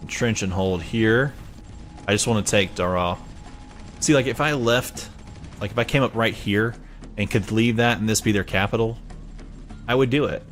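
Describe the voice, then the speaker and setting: A man's voice: on the low side, moderate pace, long pauses, a bit bright, faint music behind. A man with a Southern US accent giving casual, rambling gameplay commentary, chatty and self-mocking. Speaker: let's play gamer.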